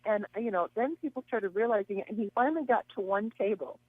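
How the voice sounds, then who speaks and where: A woman's voice: medium pitch, fast talker, husky, no echo. A woman guest on a radio show telling long, chatty stories and acting out the voices of people she quotes. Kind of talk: casual storytelling. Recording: tinny phone line.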